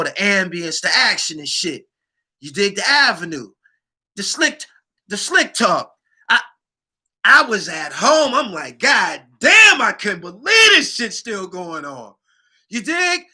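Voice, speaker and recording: Animated New man ranting. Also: high voice. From New York City. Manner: animated, profane street slang, repeats phrases. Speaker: online show host. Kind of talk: casual vlog rant.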